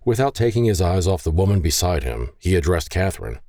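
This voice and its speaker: Deep-voiced man narrating an audiobook. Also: a little fast, few pauses, dry recording, clean studio sound. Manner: expressive, voices characters.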